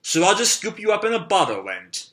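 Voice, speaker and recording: A man voicing a calm male swordsman who makes his foes cry, speaking slowly and evenly. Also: sits high, voice pushed up. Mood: measured.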